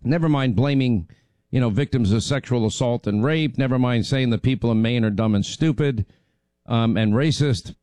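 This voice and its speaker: A man's voice: medium pitch, moderate pace, dark tone, dry recording. A man hosting a talk radio show, rambling and chatty, getting over laryngitis. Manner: rambling, chatty, many fillers. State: recovering from laryngitis. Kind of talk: casual talk radio chat.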